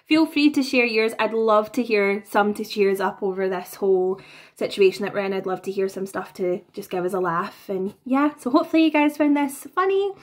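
A young woman in her twenties telling stories to her camera in a chatty, animated way, laughing between anecdotes. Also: medium pitch, fairly quick. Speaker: vlogger. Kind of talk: casual storytelling to camera. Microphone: own camera.

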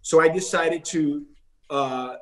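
Animated storytelling man, slightly high voice. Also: takes it slowly. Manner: animated storyteller who acts out other people's lines. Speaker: interview guest, former pro ballplayer. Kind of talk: casual interview storytelling.

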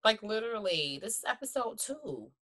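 A woman hosts a casual podcast chat with a bright, forward voice. She talks in an animated, slangy way and keeps calling her guest "girl". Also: a little high, moderate pace. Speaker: podcast host.

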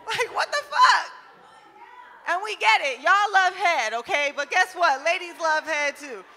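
A young woman from New Jersey doing a stand-up comedy set, brash and loud with lots of swearing, often laughing at her own jokes. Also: extremely high pitch, animated, unhurried, long reverb tail, slight background noise. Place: comedy club stage.

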